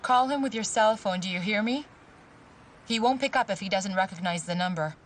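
An actress plays a cold, scheming woman in a drama, handing out instructions in a calm, commanding tone. She sounds a little distant from the mic. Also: mid-range voice, fairly quick, a little hiss or hum, natural voice. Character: cold, controlling woman giving orders.

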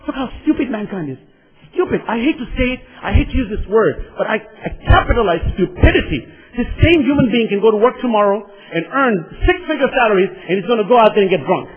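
Impassioned high-voiced male preacher, reverberant hall. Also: very animated, fast talker, a little hiss or hum. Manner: impassioned, repetitive, addresses the congregation directly. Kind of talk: sermon. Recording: dull lo-fi sound with long hall reverb.

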